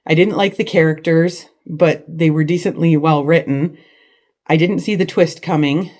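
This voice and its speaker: A woman with a low voice talks casually to the camera from her living room. Her chatty, hesitant delivery is full of fillers and restarted sentences as she vlogs about books. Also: steady tone, moderate pace, darkish tone. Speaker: book vlogger. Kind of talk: casual chat.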